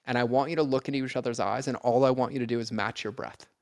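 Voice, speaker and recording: A man's voice: mid-range voice, steady tone, quick pace, no echo. Earnest, direct man, dry sound. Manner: earnest, direct, speaks straight to listeners; casual, peppered with "like" and mild swearing. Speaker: podcast guest, mentor. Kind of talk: casual podcast conversation.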